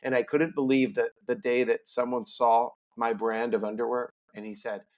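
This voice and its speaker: A middle-aged man tells a long personal story as a podcast guest. He is animated and acts out the dialogue from his story. His voice sits at a middle pitch for a man. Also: normal speed. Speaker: podcast guest, business owner. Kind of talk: storytelling in a casual interview.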